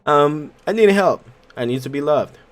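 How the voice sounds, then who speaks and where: A lonely, despairing young man on a blind date, voiced by a man reading from a game. He speaks quietly and pleads. His voice sits slightly high. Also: animated, normal speed, lightly acted.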